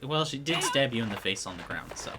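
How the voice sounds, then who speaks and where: A man's voice: mid-range voice, lively intonation, fast talker, noisy background. A man chatting casually in a game review, adding joking, sarcastic asides.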